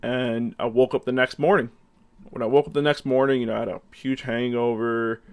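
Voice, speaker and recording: A young adult man telling a story in casual vlog style, his voice sitting at an ordinary middle pitch. He rambles, loading his sentences with fillers, and animatedly acts out what he said back then. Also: brisk, clean tone. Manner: rambling, heavy use of fillers; animated, acts out his own past lines. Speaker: storyteller vlogger.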